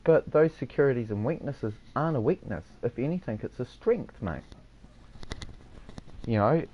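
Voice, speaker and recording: Over a muffled recording, a medium-pitched man with a Kiwi accent talks casually with other players in game chat. He's relaxed, gives friendly advice, and constantly says "mate."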